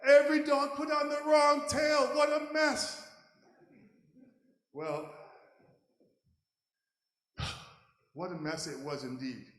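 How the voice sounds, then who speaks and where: A man telling a folk tale to a live audience, animated and playful, often chuckling. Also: extremely high pitch, slow, long pauses. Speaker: storyteller. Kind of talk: live storytelling. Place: large hall at a live event. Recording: echoey hall, live audience.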